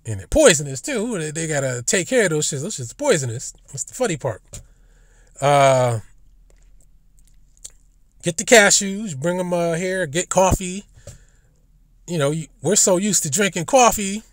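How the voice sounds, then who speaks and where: A man's voice: on the high side, expressive, moderate pace, long pauses, no room sound, studio quality. A man in a casual, profane monologue with rambling delivery, speaking into a phone in an online audio room. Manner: rambling, profane, acts out imagined dialogue. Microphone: phone or headset in an online audio room.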